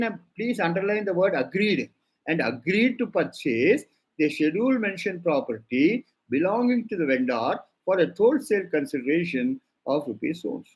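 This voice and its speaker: A man's voice: fairly high pitch, husky, poor audio. An older man with an Indian English accent, lecturing on legal drafting and dictating clauses while stressing key words for his students. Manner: emphatic, repeats key words for students to note. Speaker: law lecturer.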